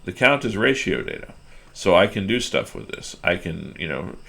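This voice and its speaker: Man, instructor, deep voice, gravelly, screen-recorded lecture, explaining step by step. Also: sing-song, moderate pace, pushed and bright. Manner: explanatory, thinking aloud with fillers and restarts.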